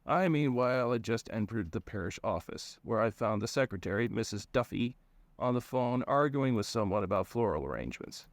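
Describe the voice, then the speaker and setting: A man reading his own first-person story aloud in a plain, relaxed storytelling manner. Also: fairly low pitch, brisk, vocal fry, dry recording.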